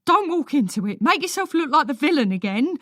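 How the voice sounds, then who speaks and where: A woman's voice: sits high, big pitch swings, fairly quick, a bit bright, no echo, clean studio sound, pitched above the performer's own voice. A woman reading a flustered mother in her sixties with a wobbly, gabbling voice. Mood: worried.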